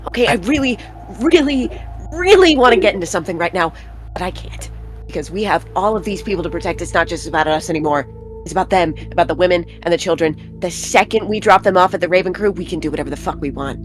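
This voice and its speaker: A woman's voice: lowish voice, lively intonation, fast, over music. A woman playing her character at a tabletop game, speaking earnestly and swearing casually. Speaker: player.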